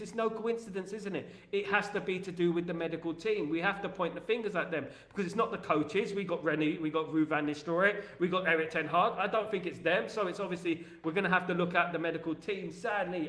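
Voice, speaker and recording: A young man from East London hosts a football livestream in a casual, chatty way, reading out viewer comments and riffing on them with animation. His voice is fairly high for a man, and the room has a noticeable echo.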